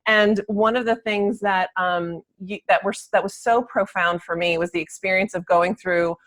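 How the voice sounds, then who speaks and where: A woman hosts a relaxed interview. She talks casually and warmly engaged, with frequent fillers and restarts as she gathers her thoughts. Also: medium pitch, moderate pace. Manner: chatty, hesitant, many fillers and restarts. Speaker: interview host.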